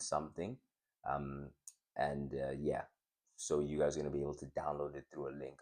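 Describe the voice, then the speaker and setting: Very deep-voiced man musing to camera. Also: darkish tone. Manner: reflective, halting, many restarts and fillers. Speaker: video host. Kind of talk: casual motivational talk to camera.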